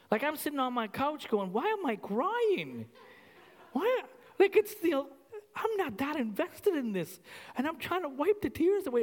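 A man from Canada preaching a casual, animated sermon to his congregation, repeating himself and saying "like" often. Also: very high voice, long reverb tail. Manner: animated, conversational, repeats phrases with many "like"s. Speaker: pastor.

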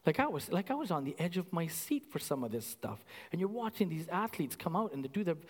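A man from Canada preaching a casual, animated sermon to his congregation, repeating himself and saying "like" often. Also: on the high side, a little fast, breathy edge, long reverb tail. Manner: animated, conversational, repeats phrases with many "like"s. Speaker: pastor.

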